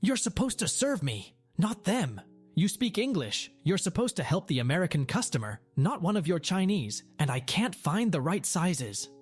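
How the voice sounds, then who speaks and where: A woman's voice: very animated, normal speed, breathy edge. A man voicing an entitled, demanding middle-aged woman shopper in a storybook-style telling, over faint background music. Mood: shrill. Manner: demanding, shrill.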